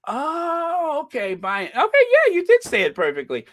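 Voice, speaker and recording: An American man hosting a casual livestream, chatting warmly with a caller and reading viewer comments aloud in a rambling way. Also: extremely high pitch, huge pitch swings, moderate pace. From United States. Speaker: livestream host.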